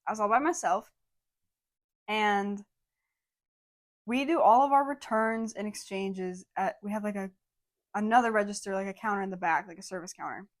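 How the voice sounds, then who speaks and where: A young woman co-hosting a podcast, telling a story in a casual, animated way and saying "like" often. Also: mid-range voice, moderate pace. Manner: animated storytelling, heavy use of "like". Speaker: podcast co-host.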